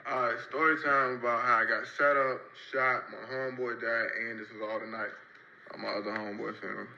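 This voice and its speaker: A young man telling a casual story-time tale in loose, rambling, slang-heavy talk, marking each turn with a quick "so boom.". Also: flat delivery, creaky, sharp tone, muffled recording. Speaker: storyteller in a played clip.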